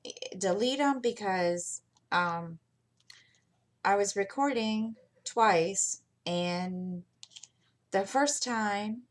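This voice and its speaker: A middle-aged woman hosting her channel, chatting casually and telling rambling stories while she works on a craft. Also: fairly low pitch. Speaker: channel host.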